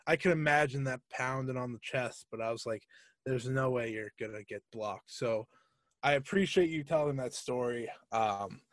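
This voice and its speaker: A man's voice: medium pitch, moderate pace, dry recording. A teenage boy interviewing a friend in casual talk, earnest and encouraging.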